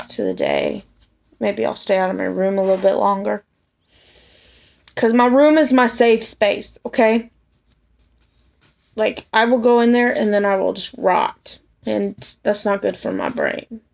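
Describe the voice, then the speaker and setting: A woman vlogger chatting casually to camera, soft and hesitant, tired after work. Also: mid-range voice, fairly even intonation, a little slow, vocal fry, pauses often. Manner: soft, hesitant, with many restarts and fillers. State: tired, yawning. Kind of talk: casual personal chat to camera.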